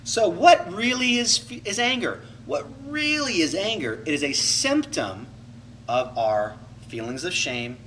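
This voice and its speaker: A man's voice: high voice, measured pace, far from the mic, a little hiss or hum, poor audio. A man coaching a class in a reflective teaching talk, acting out inner voices to make his points. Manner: animated, acts out inner voices to illustrate.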